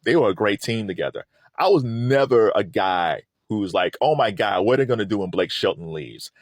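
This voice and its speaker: A middle-aged man hosting a casual pop-culture commentary, animated and rambling, laughing often. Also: on the low side, fairly quick, dry recording, studio quality. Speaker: host.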